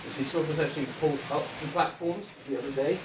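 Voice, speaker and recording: A chatty man walks through his model railway layout in a casual show-and-tell, often pausing on ums. He sounds roomy and a little distant from the mic, with clear mechanical noise running behind him. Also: on the high side, fairly even intonation. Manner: chatty and hesitant, with many ums.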